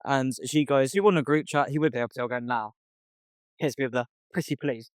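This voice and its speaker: Here a podcast co-host, a young man, speaks fairly quickly at medium pitch in a dry recording. The chat is casual; he recounts a story through text messages he reads out, swearing often.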